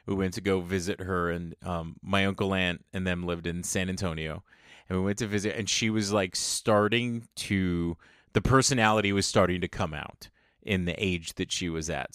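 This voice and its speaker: A man co-hosting a podcast, chatting in a relaxed way and telling stories that wander into tangents while recapping a reality show. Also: low-pitched, clear, resonant tone, no echo, clean studio sound. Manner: relaxed, laughs along, tells stories with tangents. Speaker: podcast co-host.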